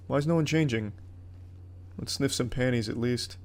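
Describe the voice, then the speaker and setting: A man's voice: medium pitch, moderate pace. A man giving comedic gameplay commentary in a crude, sarcastic, mock-heroic way. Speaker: gaming commentator.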